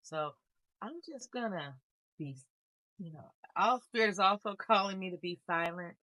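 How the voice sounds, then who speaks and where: A woman giving a casual spiritual card reading, speaking calmly and musingly with a melancholy air. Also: on the low side, dry recording, poor audio. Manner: calm, unhurried, musing with soft laughs. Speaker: tarot reader.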